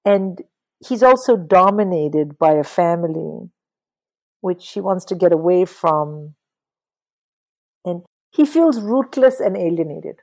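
A middle-aged woman talking casually about books in an interview, animated and swearing freely. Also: fairly low pitch, slow pace, long pauses, rough recording. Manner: animated, swears, mimics people in quotes. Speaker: guest.

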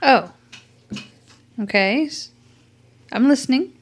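A woman's voice: high-pitched, lively intonation, slow. A woman playing a tabletop game, tentative and asking the game master many questions. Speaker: player. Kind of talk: casual chat in a tabletop game.

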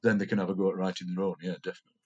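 A man's voice: sits low, flat delivery, racing, warm tone, breathy edge, lo-fi sound. An older man, a poet chatting enthusiastically as an interview guest. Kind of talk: casual interview chat.

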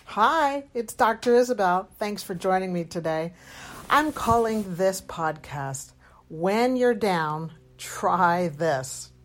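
This is a middle-aged woman hosting a podcast and sharing a personal story, with the openness and earnest warmth of a doctor talking to her listeners. Her voice sits at an ordinary middle pitch and moves through lively, expressive swings. She sounds candid and heartfelt throughout. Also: takes it slowly, faint music behind. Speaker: podcast host and medical doctor.

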